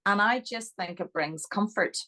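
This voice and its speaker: A woman with a Northern Irish accent, a guest telling chatty, animated stories in a podcast interview. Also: medium pitch, normal speed, rough recording.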